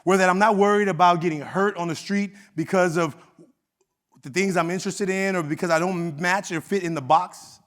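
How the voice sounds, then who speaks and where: Middle-aged man, Oakland accent, slightly higher voice, conversational keynote storyteller. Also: normal speed. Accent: Oakland, California. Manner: conversational, animated, acts out quoted dialogue. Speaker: keynote speaker. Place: conference hall stage.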